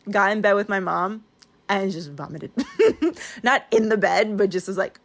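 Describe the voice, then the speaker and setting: A woman's voice: medium pitch, unhurried. A young woman chatting casually over her planner pages, rambling and laughing often with a wheeze. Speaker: planner vlogger.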